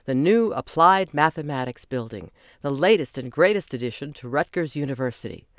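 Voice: medium pitch, animated, a little fast, fairly bright tone, no echo. A narrator voicing a proud, upbeat male librarian who leads a group of kids, in a storybook reading. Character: proud male librarian leading a kids' club.

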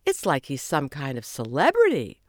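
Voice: mid-range voice, huge pitch swings, moderate pace, no echo, studio quality. A narrator voicing an enthusiastic girl who loves rocks, in a storybook reading.

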